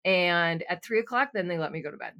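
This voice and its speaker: A young adult woman co-hosting a podcast, telling a story from her teens in a candid, animated way with some swearing. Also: on the low side, fast talker, gravelly. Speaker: podcast co-host. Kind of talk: casual chat, storytelling.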